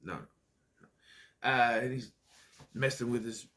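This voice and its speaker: Unhurried and fairly bright, this man's medium-pitched voice belongs to a movie reviewer recapping a bad film in a casual way. Sarcastic comments pepper the summary, and he acts out the characters' dialogue in over-the-top voices.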